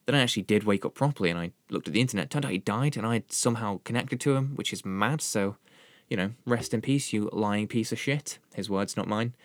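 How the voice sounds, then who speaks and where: A man reading out his comic film review, sardonic and sweary with a deadpan delivery. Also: lowish voice, fast talker, no room sound. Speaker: podcast host and film reviewer. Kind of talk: comedic film review monologue.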